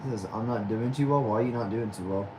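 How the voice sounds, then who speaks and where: A man's voice: mid-range voice, fast talker, background noise. A young man from Texas, hosting a casual livestream and answering viewer comments aloud. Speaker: livestream host.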